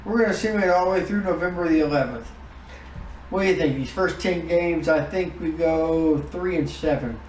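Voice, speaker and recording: A man giving casual commentary on his own game season, reacting out loud to each win and loss. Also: a little high, moderate pace, roomy sound, recorded from a distance, slight background noise, low-quality recording. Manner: emotive, groans and exclaims over results. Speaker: gaming YouTuber.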